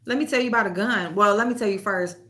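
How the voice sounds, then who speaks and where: A woman's voice: mid-range voice, bright, forceful tone. A woman hosting a casual chat, telling stories loosely with lots of laughing and swearing, and speaking. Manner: loose storytelling, laughs often, swears freely, reads comments aloud. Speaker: host.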